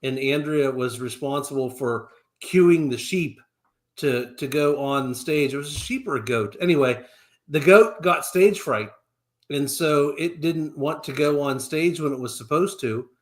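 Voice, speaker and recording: A middle-aged man co-hosting a live stream, telling animated anecdotes in a casual chat. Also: fairly high pitch, measured pace. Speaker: co-host of a real estate live stream.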